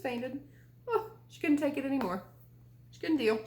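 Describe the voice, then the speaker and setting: A woman's voice: high voice, expressive, slow pace, long pauses, darkish tone. A young adult woman, a librarian, reading a children's picture book aloud, playful and full of questions for the kids. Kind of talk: children's storytime read-aloud. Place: library room. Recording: roomy echo.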